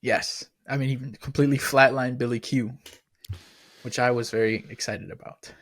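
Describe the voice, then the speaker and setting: A man's voice: medium pitch, steady tone, normal speed, fairly bright tone. A man co-hosting a podcast, easygoing and leading the questions in casual chat. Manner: easygoing, laughs along, leads the questions. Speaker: podcast co-host.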